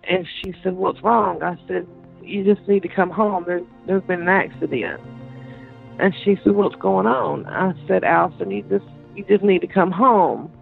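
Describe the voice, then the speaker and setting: A woman recounts painful events in an interview, her words halting and often repeated. Her voice has a deep, gravelly fry throughout. It comes through a thin, phone-like line with faint music underneath. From Georgia, USA. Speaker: interviewee, sister of the deceased.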